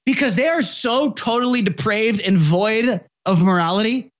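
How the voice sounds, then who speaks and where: A speaker in their twenties hosting a political commentary show, ranting with impassioned, sarcastic shouting. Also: medium pitch, moderate pace, lo-fi sound.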